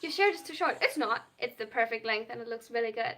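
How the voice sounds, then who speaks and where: A high-pitched young woman with a German accent runs a live stream Q&A. Her voice is bright and ringing. She reads viewers' questions aloud and answers each one frankly, speaking English although German is her first language. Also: expressive, fast talker, faint music behind.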